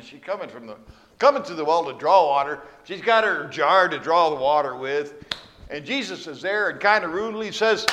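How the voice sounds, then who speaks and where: Male preacher, animated intonation, chatty storyteller with asides. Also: fairly high pitch. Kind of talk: sermon.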